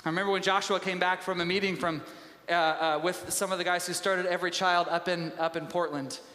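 This pastor, a man, preaches briskly in a loose, conversational storytelling style, restarting sentences often, though his delivery is flat. His slightly high voice sounds pushed and bright, echoing with the long reverb of a large church hall.

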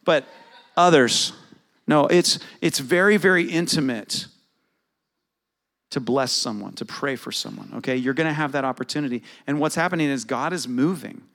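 A man's voice: mid-range voice, normal speed, fairly bright tone. A middle-aged man preaching a sermon in a conversational way, asking his congregation questions. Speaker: pastor.

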